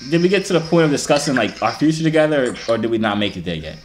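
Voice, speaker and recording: A man's voice: medium pitch, expressive, racing, over a noisy crowd. A man in his twenties making teasing, slangy small talk with strangers on a video chat app. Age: 20s. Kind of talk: casual flirty banter. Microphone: computer or phone mic, video call.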